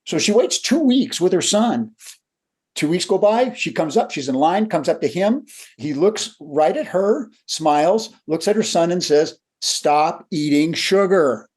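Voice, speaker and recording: Older man, leadership coach, storytelling, mellow tone, husky voice, slightly high pitch. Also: a little slow. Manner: animated storyteller who acts out quotes. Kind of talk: conversational storytelling.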